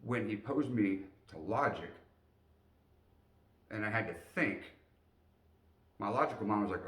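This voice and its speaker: A man tells a personal story in a very low voice, animated and acting out the people in it. The sound is roomy, with a noticeable echo. The mic sits some distance away. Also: a little slow, pauses often. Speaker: motivational storyteller.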